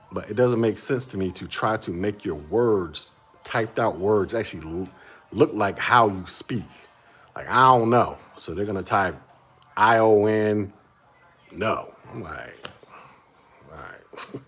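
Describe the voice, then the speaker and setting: A man's voice: fairly low pitch, slightly rough. A man in his forties, a livestream host, chatting casually with viewers in a laid-back way and laughing often. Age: 40s.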